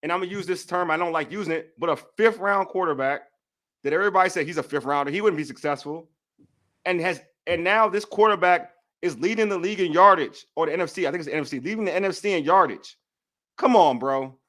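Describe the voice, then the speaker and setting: A man's voice: sits high, fast, fairly bright tone. A man hosting a casual sports debate show, heated and slangy as he vents his frustrations.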